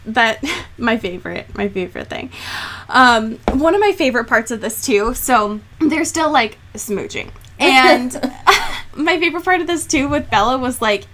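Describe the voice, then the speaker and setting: A woman co-hosting a podcast, recapping a book in casual chat, animated and sarcastic, with frequent swearing and laughter. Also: fairly high pitch, moderate pace. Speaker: podcast co-host.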